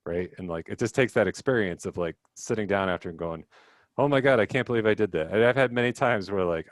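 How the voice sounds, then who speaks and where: A man's voice: low voice, no echo. Chatty young man leading a teacher workshop. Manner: chatty, self-deprecating, many fillers and quoted dialogue. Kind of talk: casual talk on a video call. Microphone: video call.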